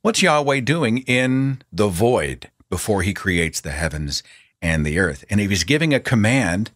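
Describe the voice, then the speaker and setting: A man hosting a podcast interview, speaking in a relaxed, conversational way. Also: fairly low pitch, measured pace, no echo, studio quality. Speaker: podcast host.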